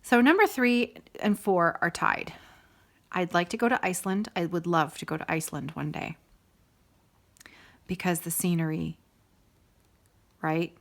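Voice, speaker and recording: A woman's voice: fairly low pitch, expressive, normal speed. A middle-aged woman hosting a casual stitching video, chatting to viewers in a rambling, enthusiastic way full of sidebars. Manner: warm and enthusiastic. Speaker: host of a stitching video show.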